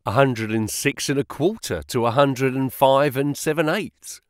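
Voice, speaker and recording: Eager, modest young clerk with earnest answers, read by a male narrator, storybook dialogue, mid-pitched. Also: measured pace, no echo, studio quality, natural voice. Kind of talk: audiobook character voice.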